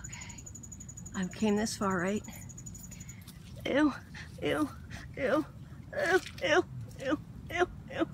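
A woman's voice: fairly high pitch, lively intonation, slow pace, pauses often, a bit bright, a little hiss or hum. A woman vlogging outdoors by the water on her phone, talking herself through her nerves with lots of swearing and sudden whispers. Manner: nervous self-talk, heavy swearing, drops to whispers. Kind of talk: casual self-filmed vlog.

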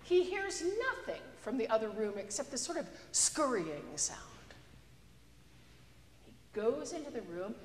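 A woman's voice: on the high side, big pitch swings, measured pace, a little hiss or hum. A woman pastor preaching a sermon in a chatty, storytelling way, recorded in a church. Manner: conversational, storytelling with a joke. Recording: echoey church with long reverb.

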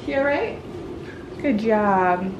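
An animated young woman, a vlogger with triplets, takes her time as she chats to camera and coaxes her toddlers in a baby-talk singsong. Her voice sits mid-range, and the kitchen recording is reverberant, muffled and has background noise.

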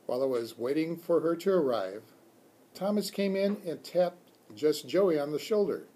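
A man reading a children's chapter book aloud for a school, expressive and doing character voices. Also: a little high, moderate pace. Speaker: school read-aloud reader.

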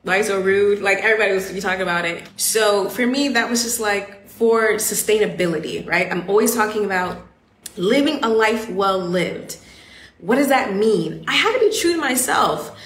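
A woman's voice: medium pitch, expressive, moderate pace, fairly bright tone, a little hiss or hum. Chatty Southern American woman, echoey room. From Southern US, Atlanta. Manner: chatty, candid, frequent "like" fillers. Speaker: host. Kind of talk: casual live-stream chat.

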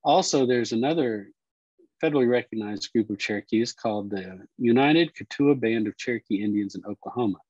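A man teaching Cherokee words and culture, explaining slowly and repeating each word. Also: medium pitch, a little mellow, breathy edge, no echo, highs cut off. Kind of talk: explanatory lesson talk.

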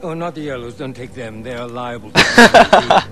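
A dotty, rambling game doctor. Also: male voice, medium pitch, big pitch swings, normal speed, a bit bright. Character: eccentric older male doctor brewing drugs. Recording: game audio with music behind.

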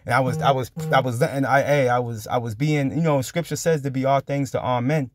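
A man's voice: medium pitch, steady tone, a little fast, no echo, clean studio sound. A man preaching through a casual testimony story, fervent and full of street slang, with constant "you know" and "I'm like" fillers. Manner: fervent, spirited retelling.

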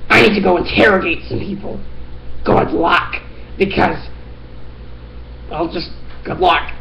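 A woman play-acting a homemade detective story, voicing every character in a playful, giggly way with sudden shouts. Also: on the low side, measured pace, gravelly, lo-fi sound, a little hiss or hum. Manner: playful, giggly, breaks into shouts and silly voices. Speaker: performer voicing all the characters.

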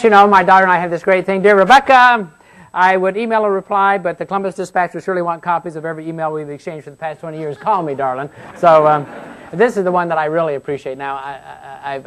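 An older American man speaking from a podium in a slightly high voice. He tells folksy stories and reads amusing letters aloud to a luncheon crowd. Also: a bit bright. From United States. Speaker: university president giving a speech. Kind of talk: humorous public speech at a luncheon forum. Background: audience laughter.

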